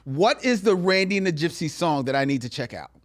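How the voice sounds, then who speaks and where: Teasing podcast host with lively pitch. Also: male voice. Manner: teasing, laughs often, drawn-out emphasis. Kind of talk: casual chat on a live video podcast. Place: podcast studio.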